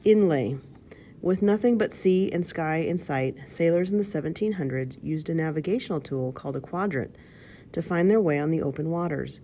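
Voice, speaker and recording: Woman reading a children's storybook aloud, low voice, steady, small slips. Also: moderate pace, a little hiss or hum. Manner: steady, with occasional slips and restarts. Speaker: reader.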